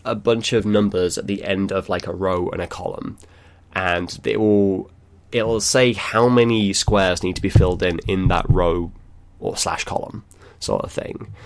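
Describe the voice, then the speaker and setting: A man hosting a casual gaming discussion, rambling loosely with lots of fillers and small chuckles. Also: deep voice. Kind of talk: casual chat.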